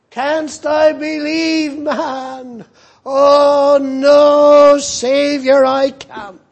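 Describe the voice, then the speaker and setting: A man's voice: very high-pitched, voice pushed up, heavily acted. A preacher voicing an anguished, desperate father crying out. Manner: crying out, pleading, broken.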